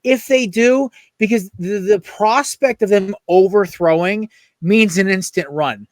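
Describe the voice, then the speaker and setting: Young male co-host, heated opinionated rants, slightly high voice, dry close sound. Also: measured pace, no room sound. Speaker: podcast co-host. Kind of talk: casual sports podcast chat.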